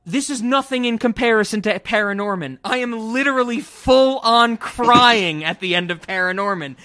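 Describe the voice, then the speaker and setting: A man's voice: very high voice, moderate pace, bright, forceful tone. A young adult man co-hosting a casual film podcast, gushing with enthusiasm and swearing freely. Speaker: podcast co-host.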